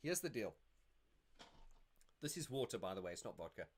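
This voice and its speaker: A man's voice: on the low side, sing-song, moderate pace. Chatty man hosting a livestream. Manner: chatty and rambling, laughs often, many restarts. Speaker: YouTube channel host. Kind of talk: casual livestream Q&A.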